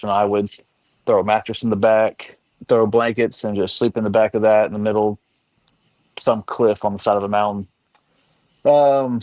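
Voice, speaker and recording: A man with a lowish voice talks casually over a video call, drifting through memories with an easygoing, self-deprecating manner. His sound is dry and close. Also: a little mellow, no room sound, poor audio. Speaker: guest. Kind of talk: casual storytelling. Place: home garage area.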